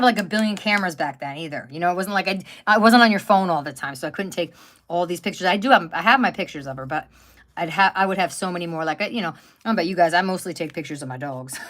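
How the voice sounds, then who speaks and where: Chatting on a live stream at home by the wood stove, a craft channel host in her fifties speaks on the low side with a fairly bright tone. She's casual and rambling, her stories full of fillers and restarts.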